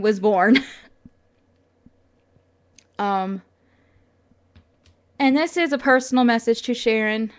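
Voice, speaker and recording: A young woman talking casually to her camera, earnest and chatty, with many fillers, at times close to tears. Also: mid-range voice. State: tearful at times. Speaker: vlogger.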